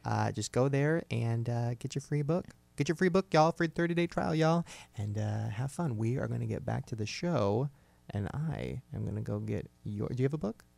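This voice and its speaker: Gossipy young man with gravelly voice. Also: normal speed, dry recording. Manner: gossipy, animated, acts out quotes in high voices. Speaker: podcast host. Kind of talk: casual chat.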